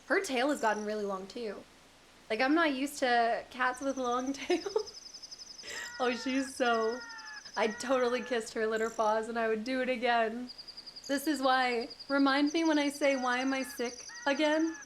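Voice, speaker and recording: Brief: young woman streamer, high voice, unhurried and giggly, slightly hoarse, game music behind. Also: steady tone, a little hiss or hum. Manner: giggly, chatty, talks to her cat. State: voice going hoarse, clears throat. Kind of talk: casual gameplay chat.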